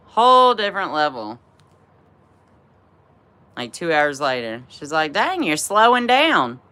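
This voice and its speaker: A woman in her thirties speaks to a livestream audience, telling a long personal story. Her voice sits low yet sounds bright and forceful. She swears freely, laughs often, and leans on fillers. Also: smooth. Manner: profane, laughing, lots of fillers. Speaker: livestream host. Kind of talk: casual storytelling to a live chat.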